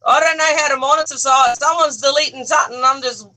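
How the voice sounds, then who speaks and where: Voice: high voice, steady tone, fast talker, pushed and bright, poor audio. A person with an Australian accent chatting casually on a livestream from their bedroom, giggling often and talking straight to the viewers through a phone on a selfie stick. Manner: giggly, chatty, talks to the chat. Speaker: livestream co-host. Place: own bedroom.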